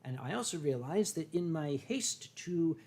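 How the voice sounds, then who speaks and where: A slightly high, a bit mellow voice belongs to this older American host, animated and at normal speed as he drinks wine on a casual livestream. His chatter is rambling and jokey, loaded with fillers and restarts.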